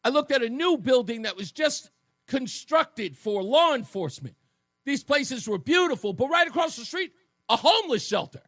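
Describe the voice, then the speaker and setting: A man's voice: extremely high pitch, big pitch swings, normal speed, fairly bright tone, no room sound, clean studio sound. A man in his fifties hosting a talk radio show, telling a story with sarcastic asides. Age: 50s. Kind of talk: opinionated talk radio monologue. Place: radio studio. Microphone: studio microphone.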